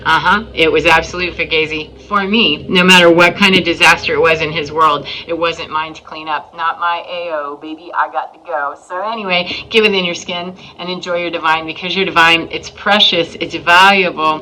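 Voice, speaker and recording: A woman's voice: low voice, fairly even intonation, normal speed, few pauses, a crowd in the background, poor audio. A woman telling a personal story in a casual, emphatic spiritual monologue, acting out what people said. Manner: emphatic, storytelling with acted-out quotes. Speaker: spiritual vlogger.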